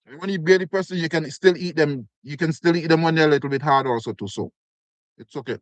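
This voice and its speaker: A man's voice: on the high side, fast, no echo. A man from Canada hosting a casual live stream, chatting with viewers, thanking them by name and reading comments aloud as he eats. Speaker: livestream host. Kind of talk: casual live chat while eating.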